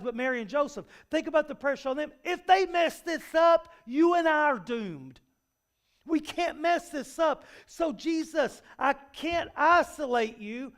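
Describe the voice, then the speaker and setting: A male pastor giving a conversational sermon, folksy and full of everyday analogies, often restarting his sentences. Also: extremely high pitch. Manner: frequent repeated restarts. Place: church sanctuary.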